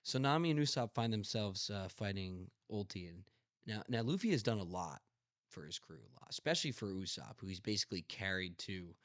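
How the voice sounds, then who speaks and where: Passionate young man hosting, low dry voice. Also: animated, brisk, no room sound. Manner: emphatic, passionate storyteller who swears freely. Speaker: podcast host. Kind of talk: casual chat.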